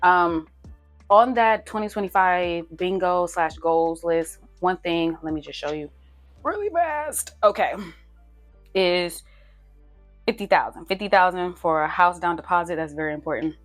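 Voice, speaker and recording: A young woman with a low voice chats through her budget, playful and teasing herself as she reads out figures. Her tone stays casual, like talking to friends from her desk. Faint music plays softly underneath. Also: fairly even intonation, moderate pace. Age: young adult. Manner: chatty, playful, self-teasing, counts numbers aloud. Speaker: budgeting vlogger. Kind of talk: casual chat while budgeting on paper.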